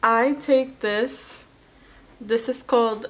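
Slow, chatty woman vlogger. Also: a little high, a little hiss or hum. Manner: chatty and self-deprecating, with fillers like "anywho". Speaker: vlogger, new mother. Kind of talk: casual product unboxing chat.

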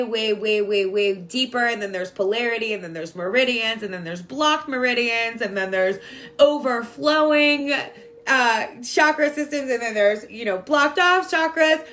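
A woman speaks straight to her viewers in a loose, chatty way, sprinkling her talk with "like" and "right?". Her voice sits in an ordinary middle pitch, and she sounds affectionate toward the people watching. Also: fairly bright tone. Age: adult with a young daughter. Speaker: spiritual vlogger. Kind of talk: casual spiritual talk to viewers.

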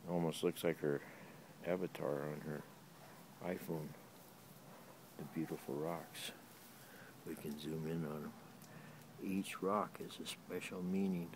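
A man's voice: rumbling low, steady tone, a little slow, long pauses, background noise. A man in a backyard talking to his dog in sing-song baby talk, repeating himself while filming on a handheld camera. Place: backyard, outdoors.

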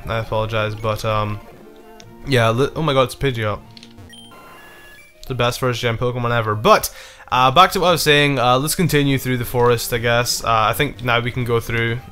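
A let's play gamer comments casually on his own gameplay, rambling and swearing often, frustrated but apologetic. His voice is mid-range, bright and forceful.

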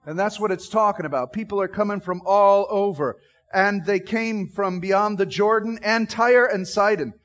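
A man preaches through a Bible chapter with lively energy, acting out scenes as he goes. He keeps turning to his listeners with questions. His voice sits high for a man. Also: moderate pace. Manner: animated, acts out scenes; asks the audience questions. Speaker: Bible teacher. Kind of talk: sermon.

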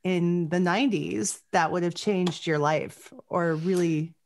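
A woman's voice: fairly low pitch, steady tone, a little slow. A Canadian woman hosting a podcast, asking questions and encouraging her guest. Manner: attentive, encouraging interviewer. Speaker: podcast host. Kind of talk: casual interview chat.

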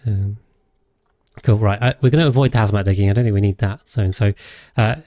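Fast and steady, this man's mellow, low-leaning voice comes through a dry recording. He's streaming a game live and chatting casually, rambling with frequent pauses to hesitate and fix what he said.

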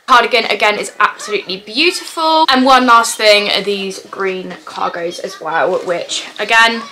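Speaking at a moderate pace in a bright, forceful, medium-pitched voice, this young woman, a mum and vlogger, chats casually to camera indoors at home. The recording is low quality with a little hiss or hum, and she rambles with plenty of "like".

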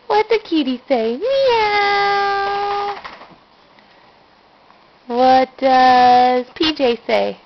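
A woman's voice: high voice, slow, hardly any pauses, slight background noise. A woman coaxing a baby in sing-song baby talk, heard on a dull home video recording. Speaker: parent talking to a baby.

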